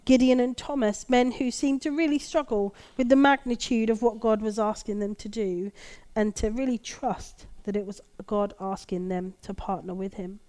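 Woman preaching, thoughtful and gently emphatic, a bit high-voiced. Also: steady tone, moderate pace. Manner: reflective, gently emphatic, reads scripture aloud. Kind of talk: sermon.

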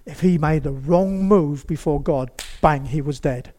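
A man's voice: fairly high pitch, unhurried. A man preaching a sermon to a congregation in a church, talking to them directly and acting out little scenes as he goes. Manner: animated, acts out quotes, addresses the congregation directly.

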